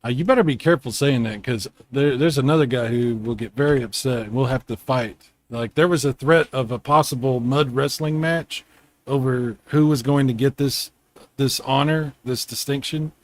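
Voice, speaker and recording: Chatty man hosting a gaming show. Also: medium pitch. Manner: chatty, rambling, quick to laugh. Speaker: host. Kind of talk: casual gaming chat. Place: home.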